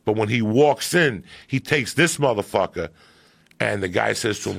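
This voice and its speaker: A man with a deep gravelly rasp tells a story full of swearing, slipping into the voices of movie characters. His voice sits low with a husky edge. The sound is dry and close. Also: normal speed, dry recording. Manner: animated, swearing, acts out movie quotes. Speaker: podcast guest. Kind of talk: profane storytelling.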